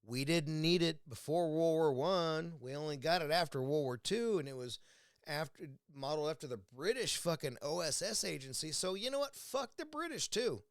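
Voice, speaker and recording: A man's voice: a little high, expressive, moderate pace, dry recording, clean studio sound. Angry swearing American man ranting. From United States. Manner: angry, blunt, swears constantly. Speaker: vlogger. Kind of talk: profane political rant. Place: indoors at home, drinking a beer.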